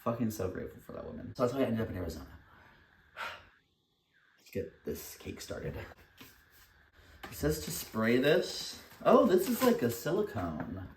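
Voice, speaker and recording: A man's voice: mid-range voice, wildly swooping pitch, quick pace, few pauses, slight background noise. A young man vlogging while baking at home, talking candidly and rambling, laughing often and swearing casually. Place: home kitchen, indoors. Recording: echoey room, distant mic.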